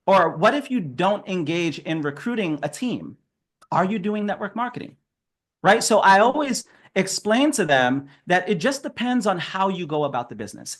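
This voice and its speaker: Upbeat high-voiced man coaching sales. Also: a bit bright. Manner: upbeat, chatty, laughs often. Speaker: sales trainer. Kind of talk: casual training talk.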